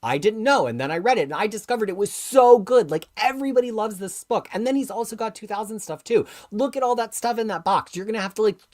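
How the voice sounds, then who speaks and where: Animated, passionate woman streaming live. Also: mid-range voice, fast talker, few pauses. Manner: passionate, emphatic, swings from quiet to loud. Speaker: comics livestream host. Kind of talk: live-streamed commentary and chat reading.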